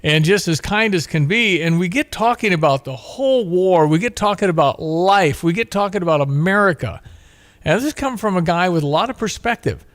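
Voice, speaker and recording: A man's voice: sits high, animated, brisk, fairly bright tone, dry recording. Earnest, moralizing male talk show host.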